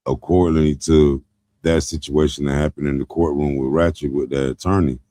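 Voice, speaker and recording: A man's voice: extremely low pitch, little pitch movement, a little fast, mellow, dry recording, studio quality. A man co-hosting a casual commentary show, speaking in a laid-back, rambling way. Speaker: co-host.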